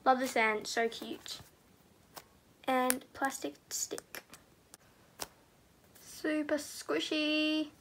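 A teenage girl reviewing squishy toys in a casual, gushing way, sometimes dropping to a soft murmur. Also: sits high, drawn-out words, pauses often, slight background noise. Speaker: squishy haul vlogger.

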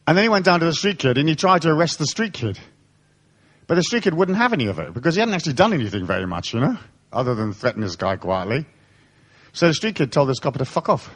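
Animated, swearing man telling stories live. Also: medium pitch, quick pace. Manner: animated storyteller, swears freely and acts out quoted voices. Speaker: spiritual seminar speaker. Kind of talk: live motivational talk to an audience. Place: seminar hall.

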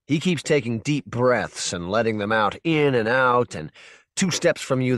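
A man narrating a short story for an audiobook in a measured, intense second-person voice. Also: lowish voice, no room sound, clean studio sound. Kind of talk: scripted narration.

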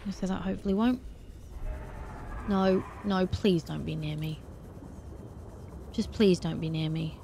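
A woman playing a video game, talking to herself in an animated way and breaking into startled exclamations. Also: on the low side, a little slow, creaky, pauses often, a little hiss or hum. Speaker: let's play host. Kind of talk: gaming commentary.

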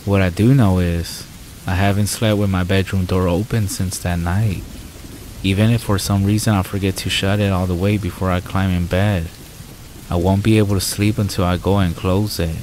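A man narrating horror stories in a calm, measured way with dramatic pauses. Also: deep voice, a little hiss or hum, rough recording.

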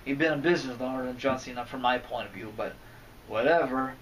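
A wrestling fan vlogger rants in a rambling, casual way, cursing and growing irritated as he goes. His voice is medium in pitch and quick. A distant mic picks him up along with faint background noise.

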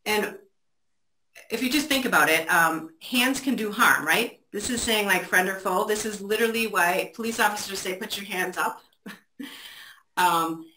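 A woman's voice: mid-range voice, moderate pace, bright, forceful tone. A woman giving a virtual training talk, engaging her audience with questions over a video call. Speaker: presenter. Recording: roomy echo, faint noise.

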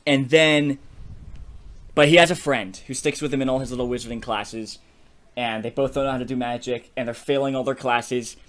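A man co-hosting a podcast in a loose, animated brainstorming chat. His voice sits at an ordinary middle pitch, and he laughs often as he rushes through ideas, checking in with his partner as he goes. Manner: animated, laughs often, keeps saying "you know what I mean". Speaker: podcast co-host. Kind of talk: casual creative brainstorming chat.

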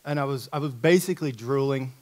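A middle-aged man from Indiana, a coach giving a talk at a church, telling a story in a lively, conversational, self-mocking way. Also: medium pitch, fast. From Indiana, USA.

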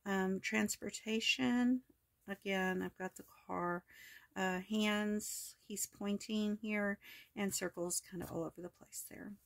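A woman host walking through her collage journal in a casual, rambling way, hoarse with her voice cracking, full of ums and self-corrections. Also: medium pitch, steady tone, takes it slowly, a bit bright. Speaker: crafting video host. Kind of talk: casual crafting walkthrough.

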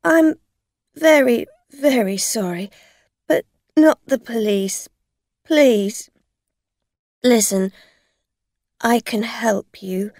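Woman reader doing a stammering tipsy driver, high pleading voice, slow. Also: a little mellow, no echo, clean studio sound. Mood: flustered. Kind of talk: storybook reading.

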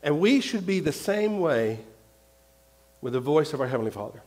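High-voiced preacher man. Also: sing-song, normal speed. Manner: emphatic preaching with repetition, swinging between loud and hushed. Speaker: pastor. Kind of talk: sermon.

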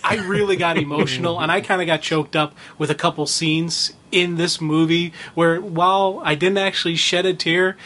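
Male co-host, high voice, earnest and animated, casual chat. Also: normal speed, hardly any pauses. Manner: earnest, self-deprecating, animated. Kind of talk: casual podcast discussion.

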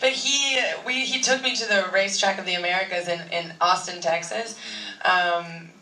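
An actress on a convention panel telling rambling, giggly anecdotes with many "like"s. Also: female voice, on the low side, steady tone, moderate pace, bright, forceful tone. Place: large convention hall. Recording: echoey hall, far from mic, faint noise.

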